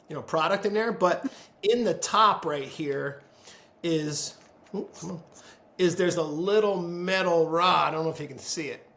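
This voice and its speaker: In a high, somewhat bright voice, a podcast host holds a relaxed video-call conversation from his home pottery studio, the room giving off a spacious echo. He's friendly and talkative, laughing frequently and doing playful voices whenever he quotes someone.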